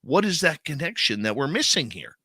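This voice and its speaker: A male radio host with a bright, forceful voice that swings widely in pitch. He talks in an animated, emphatic way, full of fillers. The sound is dry and close-miked. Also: brisk, slightly rough, dry recording. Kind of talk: conversational interview talk.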